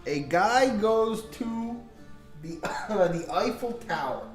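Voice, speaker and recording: A man's voice: high voice, expressive, takes it slowly. A man hosting a livestream, casually telling jokes and giggling through them, in a roomy space with faint music behind. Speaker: livestream host.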